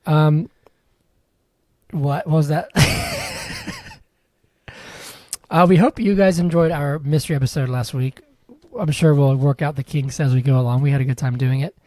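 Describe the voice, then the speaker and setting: Young male podcast co-host, a bit higher pitched, joking and rambling. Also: fairly even intonation, measured pace, pauses often, warm tone, dry recording. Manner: joking, rambling, wheezy laughs. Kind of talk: casual chat.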